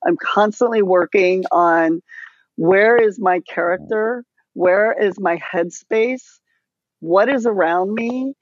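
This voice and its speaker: A woman's voice: medium pitch, slow pace, no room sound. Chatty woman telling a story, dry lo-fi. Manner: animated storytelling, lively asides. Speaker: podcast guest. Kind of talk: casual podcast chat. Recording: dull dry lo-fi sound.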